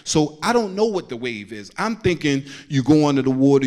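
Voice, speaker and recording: A man's voice: medium pitch, animated, a little fast, hardly any pauses. A man doing a stand-up comedy set, telling loose slangy stories and acting out the people in them. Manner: loose slangy storytelling, acts out quotes.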